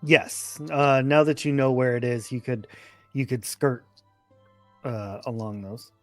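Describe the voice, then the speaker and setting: A man narrating a tabletop game as game master, measured and descriptive. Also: mid-range voice, fairly even intonation, a bit bright, faint music behind.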